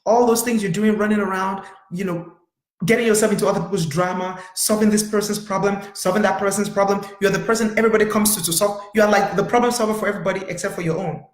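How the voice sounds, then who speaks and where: A woman's voice: mid-range voice, fairly even intonation, fast talker. A middle-aged woman therapist hosting a live-streamed motivational talk, speaking emphatically and repeating herself as she addresses viewers directly. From United States. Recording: echoey room.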